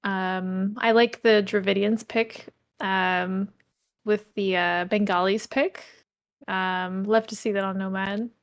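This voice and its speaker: Female co-caster, slow relaxed delivery, casual chat over the match. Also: medium pitch, clear, resonant tone. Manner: relaxed, many "um" fillers, easygoing. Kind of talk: esports commentary chat.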